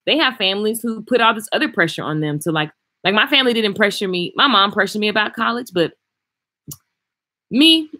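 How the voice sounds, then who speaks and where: A woman hairstylist chatting casually and frankly on a livestream, reading and answering viewer comments with animated swings in loudness. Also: mid-range voice, a little fast. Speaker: hairstylist and vlogger. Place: traveling, indoors.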